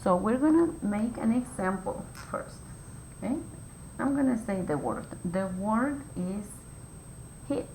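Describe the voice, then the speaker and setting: Slow, patient woman teaching phonics. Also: expressive, warm tone. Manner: slow, clear, patient step-by-step instructions. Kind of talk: phonics lesson for young children. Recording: echoey room with faint rumble.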